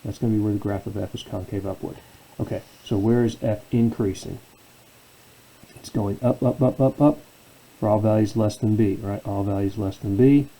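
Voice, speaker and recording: Guy professor teaching calculus, low dark voice, keeps asking then answering himself. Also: fairly even intonation, a little fast, low-quality recording. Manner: asks questions and answers them himself. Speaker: math professor. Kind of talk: calculus lecture.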